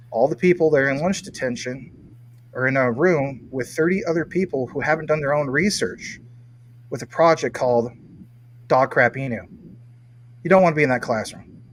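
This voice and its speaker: A man's voice: medium pitch, a bit bright, slight background noise, poor audio. A man hosting a casual livestream, reading viewer comments and teasing his guest playfully. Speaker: livestream host.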